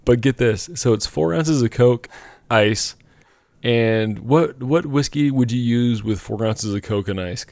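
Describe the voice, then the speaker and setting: A man's voice: medium pitch, unhurried, vocal fry, darkish tone, no echo, clean studio sound. A man in his thirties from the US, hosting a podcast in a rambling, chatty way. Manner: rambling, chatty, with filler words. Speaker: podcast host. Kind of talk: casual chat.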